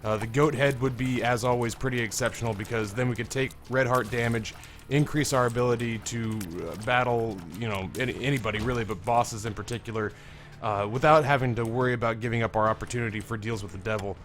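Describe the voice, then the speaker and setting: A hoarse young man hosting a let's play, commentating in a rambling, candid way and swearing freely. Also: mid-range voice, fairly even intonation, quick pace, a bit bright, slight background noise. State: hoarse, strained voice. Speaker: gaming video host.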